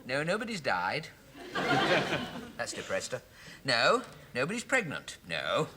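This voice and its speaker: An actor playing a fussy, excitable office clerk who is ruled by his mother, in a 1970s television sitcom. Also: mid-range voice, measured pace, heavy background noise. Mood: flustered. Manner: fussy, flustered, giggly.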